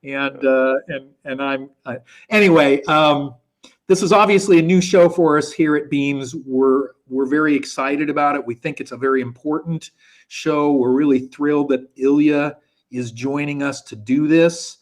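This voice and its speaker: A man's voice: a little high, moderate pace. Chatty male live-stream host. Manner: chatty, thinking aloud. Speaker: show host. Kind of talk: casual live-stream hosting. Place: Poland. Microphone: video call.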